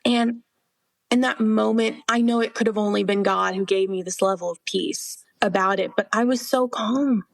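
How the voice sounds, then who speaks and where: A woman's voice: mid-range voice, moderate pace, gravelly, no room sound. A young woman guest on a podcast, earnestly telling her personal faith testimony, quoting herself and laughing through hard memories.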